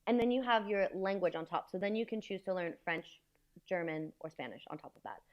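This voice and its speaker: An American woman chatting as a podcast guest, telling stories in an animated way and acting out the exchanges she describes. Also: on the low side, brisk, lo-fi sound. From United States. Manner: animated storyteller who acts out quoted exchanges. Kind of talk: casual chat.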